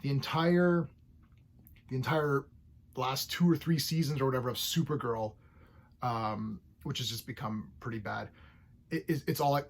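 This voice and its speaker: A man reviewing comic books in a casual vlog, opinionated and ranting, who clears his throat often. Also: fairly high pitch, moderate pace. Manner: opinionated, ranting about story tropes.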